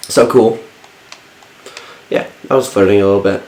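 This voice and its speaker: A man's voice: on the low side, moderate pace, pauses often, a little mellow, reverberant, poor audio. A man co-hosting a casual chat podcast, playful and teasing, laughing often. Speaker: podcast co-host.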